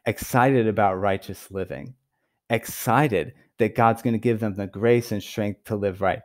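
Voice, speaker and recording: Male preacher, lower voice, emphatic and sincere teaching delivery. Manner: earnest, emphatic, stresses key words with pauses. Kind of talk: recorded Bible teaching.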